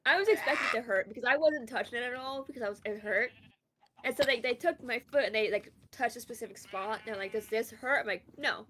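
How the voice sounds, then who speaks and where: A woman's voice: fairly high pitch, quick pace, pushed and bright, a little hiss or hum. A young woman from Canada telling a long rambling story in casual chat while gaming, full of fillers. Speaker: streamer.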